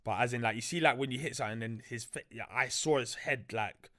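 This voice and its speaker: A young man talks in a relaxed podcast chat. His voice sits at a middle pitch. He tells his story in loose street slang, full of fillers and quick restarts. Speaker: podcast guest.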